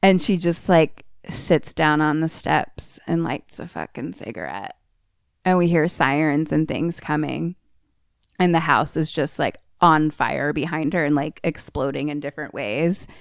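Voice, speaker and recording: A woman's voice: sits low, measured pace, creaky, no echo, clean studio sound. A young woman co-hosting a podcast, recapping a movie in a casual, profane way and laughing as she tells it. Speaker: podcast co-host.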